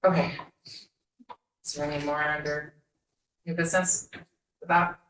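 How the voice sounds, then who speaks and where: Low-voiced woman chairing a board meeting. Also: fairly even intonation, a bit bright. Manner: brisk, procedural. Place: school board meeting room. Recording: roomy hall audio with faint hiss.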